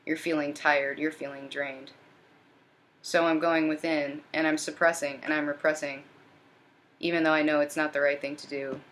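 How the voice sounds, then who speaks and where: A desperate, anxious man keeps pleading for help, as a woman channels him in a tarot reading. The voice stays low and sinks toward a near whisper, repetitive and worn down. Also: little pitch movement, moderate pace, a bit bright. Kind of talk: channeled first-person voicing in a reading.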